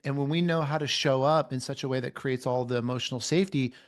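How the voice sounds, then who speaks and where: A man's voice: medium pitch, fairly even intonation, fast talker. A man speaking as a guest coach on a men's mentoring video call, emphatic and repeating his key phrases. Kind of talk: motivational coaching talk.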